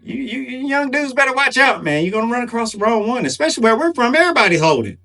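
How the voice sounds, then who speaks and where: Animated high-pitched man reacting to clips. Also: fast, gravelly. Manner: chuckling, animated, addresses viewers directly. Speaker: commentary host. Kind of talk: reaction commentary. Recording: distant mic, faint music.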